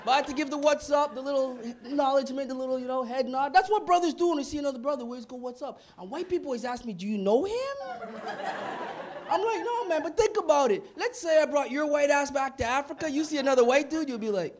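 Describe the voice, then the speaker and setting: A man from Montreal performing a stand-up comedy routine on a club stage, punchy and animated, slipping into voices. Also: very high voice, fast talker, hardly any pauses. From Montreal, Canada. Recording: noisy live club recording.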